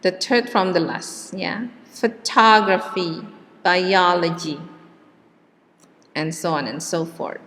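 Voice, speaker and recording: A woman teaching English pronunciation in a slow lecture, with many "okay" and "yeah" check-ins. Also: fairly low pitch, animated. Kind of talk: classroom lecture. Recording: long hall reverb.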